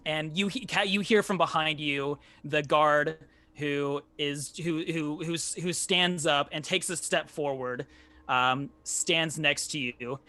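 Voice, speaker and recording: A man's voice: on the high side, fairly even intonation, slow pace, bright, forceful tone. A man running a tabletop game as game master, narrating combat loosely with fillers and swearing.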